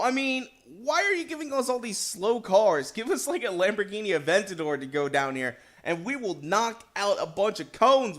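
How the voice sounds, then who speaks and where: A young man hosting a racing game let's play, chatting casually and excitably, jumping between loud outbursts and quiet asides. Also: high voice. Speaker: gaming video host.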